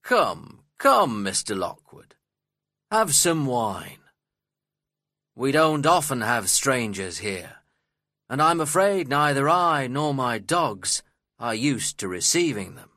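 A man voicing a proud, rude gentleman landowner with a brusque, commanding way of speaking, in an audiobook reading. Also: medium pitch, very animated, slow, no echo, studio quality, pitched above the performer's own voice, exaggerated voice. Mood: smoothly hospitable.

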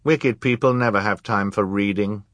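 A man's voice: on the low side, moderate pace, a bit bright, no room sound, natural voice. A man voicing an earnest, riddling male librarian in a storybook reading.

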